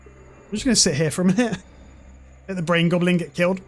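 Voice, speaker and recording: Male streamer, 40s, slightly high voice; loose, rambling, profane gaming chatter. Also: a little fast. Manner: rambling and profane, swears freely. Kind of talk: casual chat while gaming.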